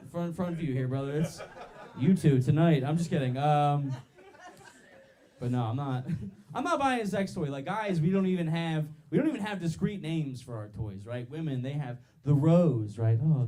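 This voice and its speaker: A young man performs stand-up at a comedy club, his slightly high voice mellow rather than bright. He talks loudly, laughs through his own jokes and banters with people in the crowd. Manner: loud, laughing, crowd work.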